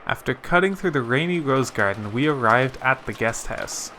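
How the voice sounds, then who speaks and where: A man narrating a visual novel aloud in a steady storytelling manner. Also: medium pitch, normal speed, a little hiss or hum. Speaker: let's play narrator.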